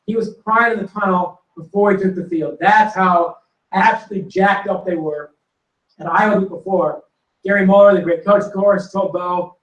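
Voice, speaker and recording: A man telling animated football stories to an audience and acting out quotes and punchlines. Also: high voice, moderate pace. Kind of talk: storytelling to a live audience. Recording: roomy hall recording from a distance.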